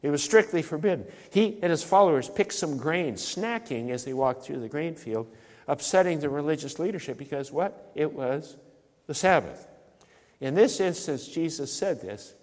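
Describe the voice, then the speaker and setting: A pastor preaching a sermon, emphatic and repeating key phrases for stress. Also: male voice, fairly high pitch, lively intonation, moderate pace, darkish tone, long reverb tail. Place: church sanctuary.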